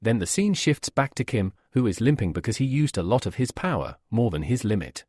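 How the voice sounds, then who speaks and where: Husky male recap narrator. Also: on the low side, brisk, no echo, clean studio sound. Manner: steady storytelling, reads all quotes. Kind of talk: scripted narration.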